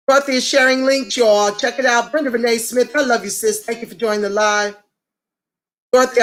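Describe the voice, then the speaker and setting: A woman's voice: fairly high pitch, a bit bright. A woman hosting a casual livestream, talking straight to viewers and greeting commenters by name. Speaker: livestream host.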